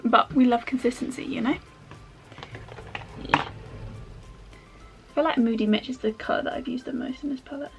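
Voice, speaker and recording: A woman's voice: high voice, steady tone, moderate pace, pauses often, faint music behind. A woman chatting her way through a makeup tutorial at home, rambling with self-mocking asides as she works. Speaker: makeup vlogger.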